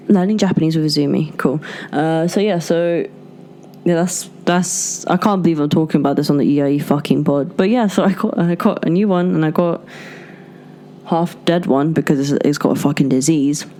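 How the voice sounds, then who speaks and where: A woman's voice: low-pitched, normal speed, dark tone. A young woman hosting a podcast, telling a story in a rambling, casual way, swearing and laughing often. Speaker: podcast host. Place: indoors at her desk.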